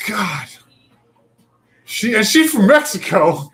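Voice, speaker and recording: A man's voice: high voice, sing-song, slow pace, a bit bright, faint music behind. A man co-hosting a live show, joking and rambling in casual banter while talking to viewers. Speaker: co-host.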